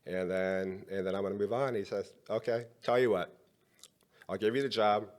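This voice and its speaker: Middle-aged male podcast guest, lowish voice, animated storyteller who acts out the dialogue. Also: moderate pace.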